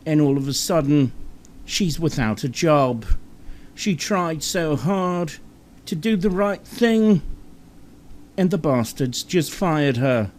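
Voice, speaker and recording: A man's voice: a little high, lively intonation, darkish tone, voice pushed up. A man putting on a melodramatic British newsman. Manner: slow, solemn, melodramatic delivery. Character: overdramatic male British TV news reporter.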